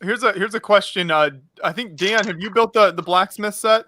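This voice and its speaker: A man on a casual livestream video call, tossing out quick questions. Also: high voice, pushed and bright, slight background noise.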